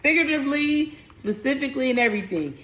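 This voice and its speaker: Brief: young woman spiritual coach, casual animated astrology chat, jumps high when acting out voices. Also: fast. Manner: animated, acts out voices, laughs, swears. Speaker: spiritual coach and tarot reader. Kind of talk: casual astrology and tarot talk.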